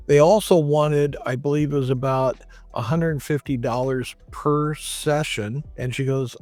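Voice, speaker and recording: A man's voice: fairly high pitch, moderate pace, darkish tone, dry recording, soft background music. A male chiropractor telling a patient's story in a conversational way, acting out what others said. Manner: conversational, quotes others in raised voices. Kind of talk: storytelling monologue.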